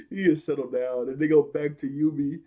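A young man casually recapping and reviewing a cartoon episode, animated and slangy, laughing often as he retells scenes. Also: on the high side, brisk.

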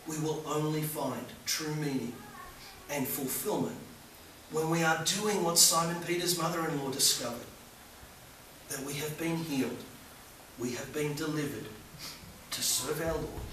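A man preaching a sermon as a visiting preacher, moving between loud fervent appeals and hushed soft passages. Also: fairly high pitch, a little slow, pauses often, background noise. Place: church hall. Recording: echoey church from far off.

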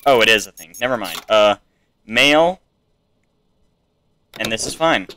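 A man's voice: on the low side, expressive, unhurried, pushed and bright, slight background noise. A young man casually commenting on a video game playthrough, reading on-screen text aloud with chatty, joking asides. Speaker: gamer playing through a game.

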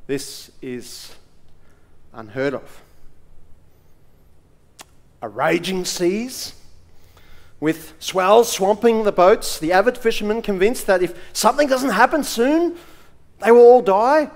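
High-voiced, slow-preaching male pastor. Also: expressive. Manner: emphatic, with dramatic pauses and swings between loud and soft. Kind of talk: sermon. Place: church.

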